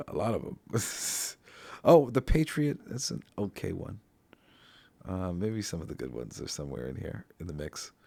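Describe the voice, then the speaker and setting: A man's voice: low voice, vocal fry, darkish tone, no echo. A man hosting a podcast in casual, rambling talk, swearing freely and thinking aloud with lots of fillers. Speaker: podcast host.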